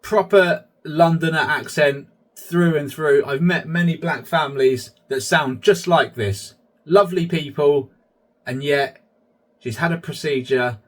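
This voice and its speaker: A man's voice: fairly high pitch, a little slow. A man hosting his own vlog, chatty commentary that keeps addressing viewers as guys. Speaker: channel host.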